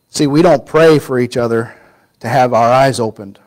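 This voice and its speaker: A man preaching a Sunday sermon, telling a story with lively acted-out quotes and sudden drops to a hushed voice. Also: medium pitch, moderate pace, poor audio. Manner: animated storytelling, acting out quoted voices, drops to a near-whisper for emphasis.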